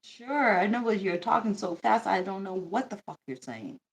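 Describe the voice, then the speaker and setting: A woman's voice: mid-range voice, animated, normal speed, creaky. A young woman from the United States hosting a casual livestream chat, blunt and joking, laughing often and swearing freely. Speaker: livestream host.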